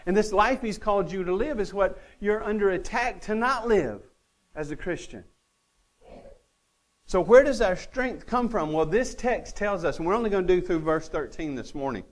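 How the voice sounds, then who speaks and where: A male pastor preaching a sermon, earnest with touches of dry humor, swinging between emphatic lines and quiet, intimate ones. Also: high voice, lively intonation, normal speed.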